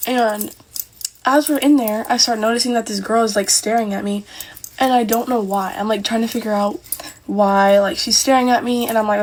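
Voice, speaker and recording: A woman telling a story in a relaxed, conversational way. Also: on the high side, moderate pace, rough recording. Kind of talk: casual story time.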